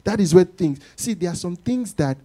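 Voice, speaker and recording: A man preaching a sermon, his voice sitting a little high but warm and mellow in tone. His delivery is animated, and he often slips into acting out the lines of the people in his stories. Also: moderate pace.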